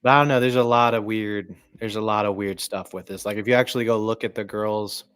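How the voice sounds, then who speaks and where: A man hosting a sports live stream, talking in a casual, rambling, profane way and often clearing his throat. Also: fairly low pitch, steady tone, fairly quick, a bit bright, dry recording. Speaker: livestream sports commentator.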